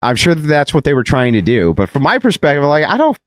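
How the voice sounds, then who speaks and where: A man telling a debate story in an animated, mocking way, mimicking his opponent's voice and laughing often. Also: on the high side, quick pace, dry recording. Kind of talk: animated anecdote on a podcast clip.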